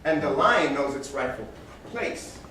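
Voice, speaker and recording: A fairly high-voiced man delivers a motivational talk to a small audience, bringing animal fables to life in character voices. He sits back from the microphone in a very echoey room. A faint hum of ambience runs under him. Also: unhurried. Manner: animated storyteller, acts out animals with big voices. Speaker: motivational speaker. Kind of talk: motivational talk to a live group. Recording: echoey room, speaker far from mic.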